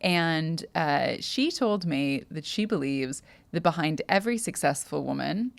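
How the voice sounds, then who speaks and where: A young adult woman co-hosts a casual podcast chat. Her voice sits low with a gravelly, fry-tinged edge. She speaks in a thoughtful, halting way, trailing off and restarting her sentences as she works through ideas. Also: animated. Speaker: podcast co-host.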